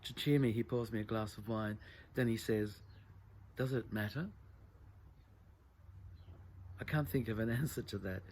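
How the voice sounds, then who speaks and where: Male author reading his prose: low, gravelly, measured and reflective. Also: a little mellow, a little hiss or hum. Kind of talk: literary reading.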